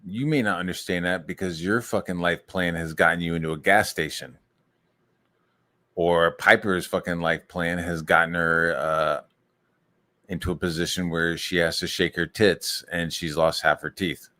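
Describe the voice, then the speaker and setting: A man ranting angrily on a stream, swearing constantly and mocking others in squeaky put-on voices. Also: fairly even intonation, moderate pace, pushed and bright. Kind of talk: profane ranting monologue.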